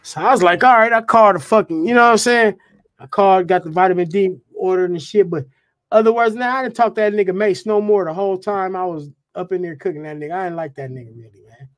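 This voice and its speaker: A man, a guest rapper, telling a profane, animated anecdote in casual talk. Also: high-pitched, fast talker. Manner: profane, animated, repeats "you know what I'm saying".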